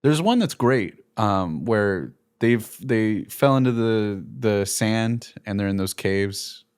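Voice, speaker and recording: A man chatting casually as a film reviewer, animated and jokey, slipping into quick impressions of characters. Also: lowish voice, smooth. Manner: animated, jokey, slips into quoted character voices. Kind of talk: casual movie review chat.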